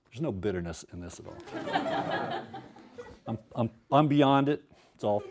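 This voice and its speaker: A man's voice: mid-range voice, wildly swooping pitch, unhurried, long pauses. A man in his fifties, an author at a university event, chatting casually with self-deprecating asides before reading his prose aloud.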